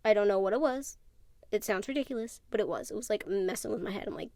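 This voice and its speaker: A woman's voice: mid-range voice, quick pace, darkish tone, no room sound. A woman narrating a casual how-to vlog in a chatty, rambling way, full of asides. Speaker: nail tutorial vlogger.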